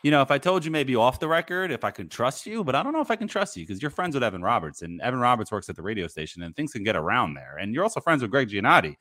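A man's voice: medium pitch, sing-song, racing, few pauses, sharp tone, dry recording, studio quality. A man playing a defensive, evasive male basketball team executive on a remote call. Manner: evasive, needling, rising to an indignant tone.

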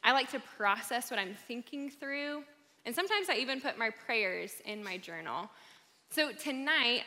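Bright-voiced woman speaking in a hall. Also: fairly high pitch. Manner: upbeat, encouraging, conversational. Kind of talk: live talk to an audience. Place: large room with an audience. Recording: hall reverb.

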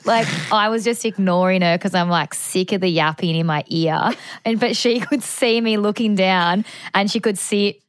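A woman's voice: medium pitch, normal speed, no echo. Young woman telling a story, dry sound. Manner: lively storyteller, swears, laughs. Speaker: podcast co-host. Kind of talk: casual storytelling chat.

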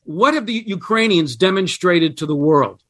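A man with a high voice talks as a guest in a radio interview. He explains ideas with animated emphasis and reads quotations aloud with weight. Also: normal speed. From United States. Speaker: guest, history scholar.

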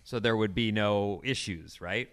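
A man's voice: lowish voice, a little slow, no echo. A man co-hosting a casual chat, teasing and joking with the others. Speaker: podcast co-host.

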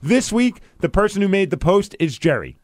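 A man's voice: high-pitched, big pitch swings, moderate pace, no room sound. A man hosting a podcast with jokey, upbeat banter. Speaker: podcast host.

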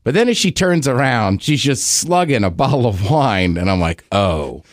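A man's voice: medium pitch, moderate pace, no echo, clean studio sound. A middle-aged man co-hosting a podcast, telling stories in casual chat and laughing often. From living in Seattle. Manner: animated storyteller, laughs often. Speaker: podcast co-host.

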